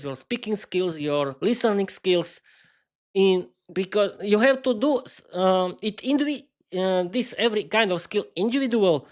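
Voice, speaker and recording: A young man, a non-native English speaker, hosting his own podcast in a solo improvised live stream, rambling with many restarts and repeated words, earnest and laughing at himself. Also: sits high. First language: not English. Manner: earnest and self-mocking, often laughing at himself. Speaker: podcast host.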